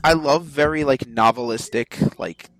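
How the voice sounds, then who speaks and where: A man chatting on a podcast in a rambling, playful way, cursing casually. His voice is mid-pitched and sits close and dry, with no room sound. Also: a little slow, fairly bright tone, no echo, low-quality recording. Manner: rambling, playful, swears freely. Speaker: podcast co-host.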